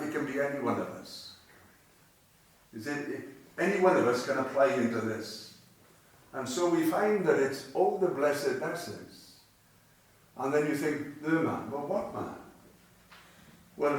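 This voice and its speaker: A man preaching in a chapel, his voice sitting a little high and carrying with heavy echo from a distant mic. He talks conversationally but with emphasis, repeating phrases and asking rhetorical questions over a faint hiss. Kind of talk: sermon. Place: cemetery chapel.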